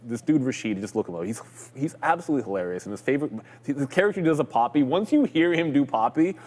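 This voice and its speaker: A man's voice: mid-range voice, animated, quick pace, a little mellow, in a large hall. A man co-hosting a live trading stream, chatting loosely about stocks with jokes and plenty of fillers. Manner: loose and joking, lots of fillers. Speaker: co-host of a live trading show. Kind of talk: casual market chat.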